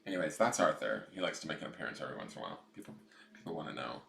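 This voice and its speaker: Low-ish guy doing a chill tarot livestream, bouncy tone, echoey room. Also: very animated, rapid-fire, gravelly. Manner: chatty, rambling, casual swearing. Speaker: tarot reader. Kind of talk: casual livestream reading.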